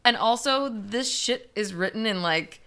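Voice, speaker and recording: A woman's voice: a little high, a little slow, sharp tone. A young woman co-hosting a podcast, casually recounting a disaster story with fillers and the odd curse word. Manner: chatty, swearing, many fillers. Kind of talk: casual chat.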